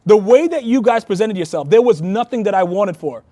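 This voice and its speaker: A man talks in a high, bright register, earnest and heartfelt as he tells stories in a casual sit-down chat. He speaks as a longtime Freemason and past master. The sound is dry, with no room echo. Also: lively intonation, fairly quick. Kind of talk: casual conversation.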